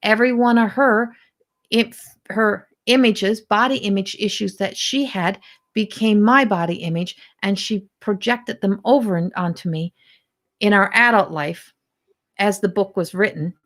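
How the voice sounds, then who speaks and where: A woman speaking as a spiritual healer and life coach, in a middle-pitched voice. She talks earnestly and with emphasis, rambling a little and breaking off to restart her sentences. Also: unhurried, fairly bright tone.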